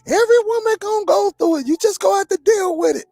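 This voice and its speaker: A man voicing a high-voiced woman who firmly lectures him. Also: fast talker, vocal fry, darkish tone, no room sound, clean studio sound, faint music behind. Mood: lecturing. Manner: insistent, lecturing. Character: high-voiced woman giving firm advice.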